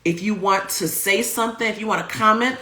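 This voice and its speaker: A woman's voice: mid-range voice, fairly quick, sharp tone. A woman hosting a livestream show, hyped and playful as she greets viewers and reads out their comments over a video call. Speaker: host.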